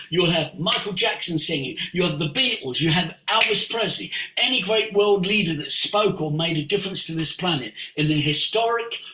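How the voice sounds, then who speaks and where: A man, a voice coach, giving a passionate, preachy teaching talk over a video call. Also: on the high side. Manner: animated and preachy, sweeping emphasis. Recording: roomy echo.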